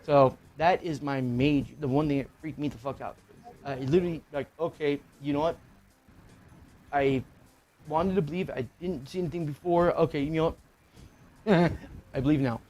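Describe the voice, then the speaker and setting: A man's voice: a little high, fairly even intonation, moderate pace, pauses often, a little mellow, a little hiss or hum. A middle-aged man co-hosting a casual talk show, telling a personal ghost story in a rambling, profane way with lots of filler words. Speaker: podcast co-host.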